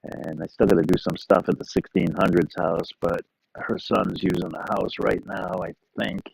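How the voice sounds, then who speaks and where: A man's voice: deep voice, flat delivery, normal speed, gravelly, a little mellow, slight background noise, low-quality recording. A middle-aged man hosting a live stream, chatting casually and rambling in an easygoing way to his viewers. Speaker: livestream host.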